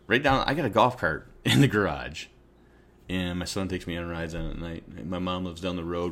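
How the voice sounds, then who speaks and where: A man's voice: low voice, fairly bright tone. A middle-aged man at home, talking casually to the camera in a rambling, conversational way. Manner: rambling and conversational, often circles back on his point. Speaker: vlogger. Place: at his home.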